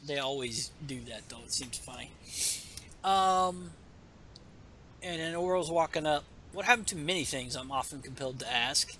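Host: man, bright and slightly high voice, rambling comic recap, faint hiss behind. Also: normal speed. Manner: rambling, reads dialogue in a plain voice with fillers. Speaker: comic book podcast host. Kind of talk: casual chat reading comic panels aloud.

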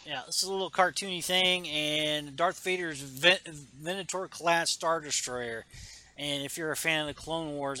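A man hosting a casual chat, animated and full of filler words and sound effects. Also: a little high. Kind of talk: casual chat, reading a comic aloud.

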